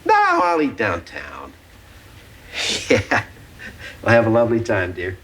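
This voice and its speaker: An actor playing a middle-aged sitcom son, nervous and stammering, clearing his throat before he speaks up to his mother. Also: fairly low pitch, huge pitch swings, slow, a bit bright, heavily acted. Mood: affectionate. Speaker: sitcom character.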